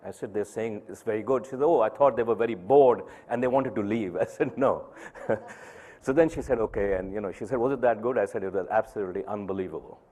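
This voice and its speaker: A middle-aged man giving a personal storytelling speech to an audience, measured and pausing for emphasis. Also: lowish voice, mellow. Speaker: speaker at an event.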